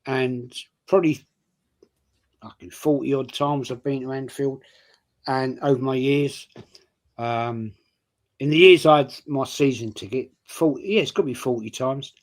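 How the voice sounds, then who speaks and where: A man recalls away trips in a casual fan chat at a middling pitch. He rambles, trips over his words and starts sentences again and again. His talk is loose and conversational. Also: unhurried, low-quality recording. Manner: rambling, restarts a lot, full of "um".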